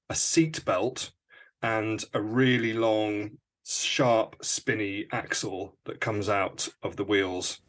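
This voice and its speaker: Male podcast player, brash and playful, fairly low voice. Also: a bit bright. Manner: brash, playful, laughs a lot. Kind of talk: casual role-play banter.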